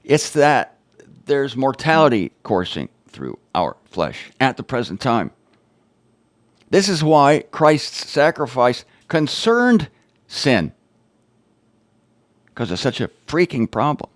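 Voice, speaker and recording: A man's voice: medium pitch, sing-song, slow, pauses often, no room sound. A man hosting his own show, teaching on the Bible in an informal, emphatic way with wry, sarcastic asides.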